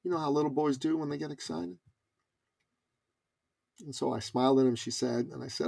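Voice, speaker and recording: A man who coaches businesspeople, telling a story as a guest on a conversational interview with casual fillers and lively asides. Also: fairly high pitch, fairly quick, gravelly, long pauses.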